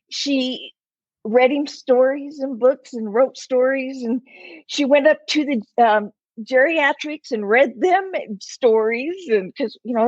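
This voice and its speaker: Husky older woman telling a story. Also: on the high side, dry recording. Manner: animated, acts out the voices in her stories. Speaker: interview guest. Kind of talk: personal storytelling. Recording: slightly muffled, lo-fi.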